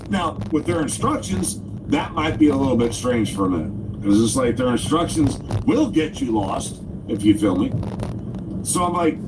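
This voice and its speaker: A man's voice: mid-range voice, lively intonation, normal speed. A man hosting a casual livestream, ranting about delivery work and acting out both sides of phone calls. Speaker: livestream host and delivery driver. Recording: distant mic with loud background noise.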